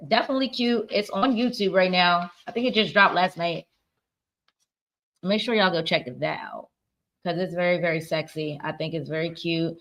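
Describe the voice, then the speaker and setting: A woman's voice: lowish voice, fairly bright tone. A woman hosting a casual pop culture stream, talking candidly and cursing freely, with an accent that mixes Virginia and the northern US. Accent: mixed Virginia and northern US. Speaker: podcast host.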